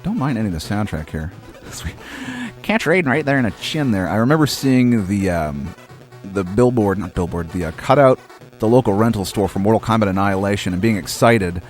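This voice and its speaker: A man from Maine in his thirties talks over a retro game in loose, rambling, profanity-laced commentary. His voice sits fairly low and his tone is wry and easygoing, with faint game music behind him. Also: sing-song, normal speed. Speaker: host. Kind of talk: casual let's-play commentary.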